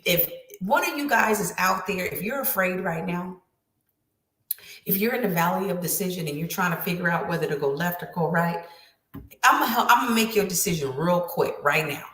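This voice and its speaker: A woman's voice: fairly low pitch, a bit bright, echoey room. A woman writing coach giving an emphatic, preachy motivational talk with lots of repetition.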